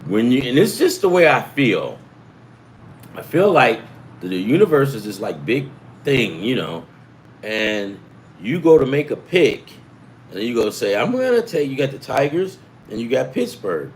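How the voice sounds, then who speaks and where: A man's voice: mid-range voice, sing-song, measured pace, a little hiss or hum. A middle-aged man from the US East Coast telling rambling, profane stories in a casual sports betting show, acting out the voices of people he quotes. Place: home in California.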